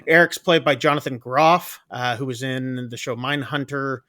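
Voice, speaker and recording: A man's voice: medium pitch, fairly even intonation, normal speed, sharp tone. A man casually recapping a movie plot on a podcast, rambling with many fillers and acting out quoted lines. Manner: rambling, lots of ums and uhs, acts out quoted lines. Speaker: podcast co-host recapping a film.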